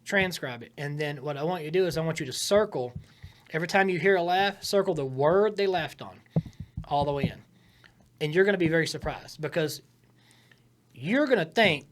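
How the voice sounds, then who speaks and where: A man in casual podcast talk, coaching comedy writing in an emphatic, animated way, shifting his tone for effect. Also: on the high side, normal speed, a little hiss or hum. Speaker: comedian giving writing advice.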